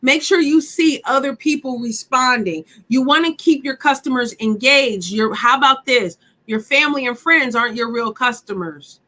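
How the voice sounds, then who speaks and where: Woman, workshop instructor, bright sharp voice, emphatic, chatty, direct questions to listeners. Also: high-pitched, normal speed, hardly any pauses. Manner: emphatic, chatty, repeats points for effect; talks straight to the audience with questions. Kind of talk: live online workshop teaching.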